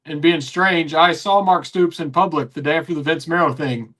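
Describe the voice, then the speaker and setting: A man with a notably high voice hosts a loose sports radio hangout. He rambles along, stumbling through fillers and restarts. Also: normal speed, crowd noise. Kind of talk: casual sports chat.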